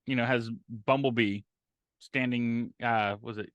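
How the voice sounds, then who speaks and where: A man's voice: medium pitch, fairly even intonation, unhurried, fairly bright tone, no room sound, muffled recording. A man co-hosting a casual podcast chat, trading dry jokes and facts. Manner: dry jokes, laughs at banter. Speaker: podcast co-host.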